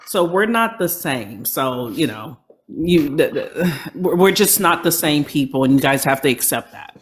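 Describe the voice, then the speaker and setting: A woman's voice: deep voice, lively intonation, unhurried, husky. A woman on an online debate panel, talking in a blunt, dismissive way.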